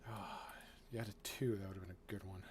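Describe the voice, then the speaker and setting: A man acting as game master, narrating a tabletop game in a relaxed way, often chuckling and filling his talk with ums and uhs. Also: low voice, a little fast, very noisy. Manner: relaxed, chuckling, with filler-heavy asides.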